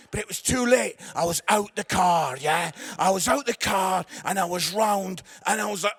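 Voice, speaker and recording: A middle-aged man tells funny stories from the stage as a preacher. His voice sits high and carries a gravelly crackle. He swings between loud shouts and quiet asides. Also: brisk, few pauses. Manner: animated, shouting for effect, lots of tag questions. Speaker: comedian evangelist. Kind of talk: comic storytelling sermon.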